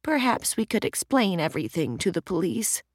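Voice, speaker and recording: A woman reading an audiobook, voicing a gentle, slightly tipsy old woman with a soft, low voice. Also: big pitch swings, moderate pace, no echo, clean studio sound. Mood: tender.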